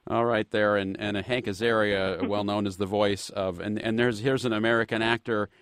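A man hosting a radio talk show, introducing a clip with halting restarts. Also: fairly low pitch, fairly even intonation, fairly bright tone, smooth, no room sound, clean studio sound. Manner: halting, restarts while setting up clips. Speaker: radio host.

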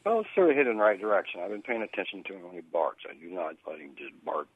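A man's voice: low-pitched, big pitch swings, racing, slightly rough, no echo, phone-quality sound. A man calling in to a radio show, eagerly describing his dog's behavior. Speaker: caller. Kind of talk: radio call-in chat.

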